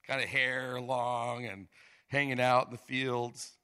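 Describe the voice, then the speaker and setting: A man preaching a sermon, reading scripture aloud with dramatic emphasis and animated asides. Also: mid-range voice, slow, smooth. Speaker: pastor.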